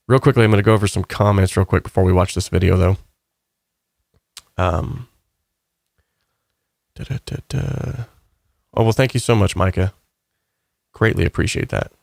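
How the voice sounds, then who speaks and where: Male host, low gravelly voice, dry close sound, casual rambling comment-reading. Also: normal speed, pauses often, dry recording. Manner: rambling, relaxed, upbeat. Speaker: channel host.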